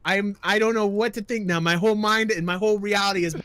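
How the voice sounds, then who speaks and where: An American man hosting a livestream chat, teasing and theatrical in an excitable way. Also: high voice, quick pace, clear, resonant tone, no room sound. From United States. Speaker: stream host.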